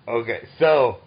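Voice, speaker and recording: A man's voice: medium pitch, vocal fry, slightly rough. Chatty, enthusiastic man in his thirties. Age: 30s. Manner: enthusiastic and chatty, quick to laugh. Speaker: podcast host. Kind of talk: casual interview chat. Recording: dull lo-fi recording.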